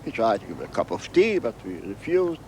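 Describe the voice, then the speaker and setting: Older male interviewee, halting second-language English, repeats himself, faint street noise behind. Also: lowish voice, sing-song, darkish tone. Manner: halting, repeats phrases, non-native English grammar. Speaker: interviewee recounting memories. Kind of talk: storytelling interview.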